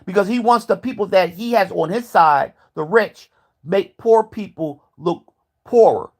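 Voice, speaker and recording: A man's voice: high voice, measured pace. A man vlogging a heated, profane rant, repeating himself as he builds his point. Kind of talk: ranting commentary.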